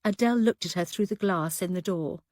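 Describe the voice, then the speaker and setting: A woman narrating an audiobook in a measured, even storytelling manner, recorded close to the mic. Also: lowish voice, no room sound.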